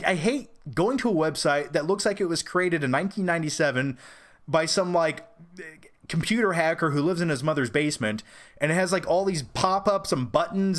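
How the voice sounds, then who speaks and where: A man whose voice is slightly high and somewhat bright hosts a film review channel, running a casual live-stream Q&A about movies. He rambles, shares strong opinions and often restarts his sentences.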